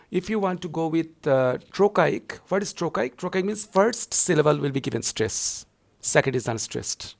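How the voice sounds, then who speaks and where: A man's voice: fairly high pitch, gravelly. A male university lecturer explaining poetry scansion to students in a repetitive, explanatory way, with frequent filler words.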